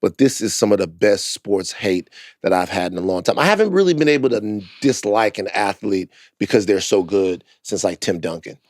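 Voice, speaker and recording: A man's voice: on the low side, animated, fairly quick, no room sound, studio quality. A man hosting a podcast in casual, playful chat, hyping up the show and its listeners. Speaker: podcast host.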